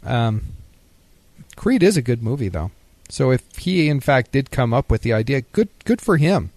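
A man's voice: mid-range voice, very animated, normal speed, darkish tone, no echo. A man co-hosting a casual podcast, joking and sarcastic, laughing often as he talks. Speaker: podcast co-host. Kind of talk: casual chat.

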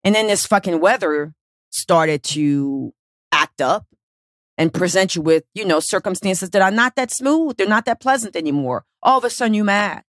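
A woman hosting a motivational podcast as a weight-loss coach, talking casually and bluntly with plenty of swearing and lively storytelling. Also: on the low side, normal speed, no echo, clean studio sound. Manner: casual, profane, animated storytelling.

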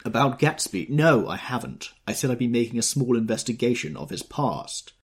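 A man reading an audiobook, voicing an arrogant, impatient wealthy man who talks roughly. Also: medium pitch, lively intonation, moderate pace, pitched above the performer's own voice. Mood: brusque. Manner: rough, contemptuous.

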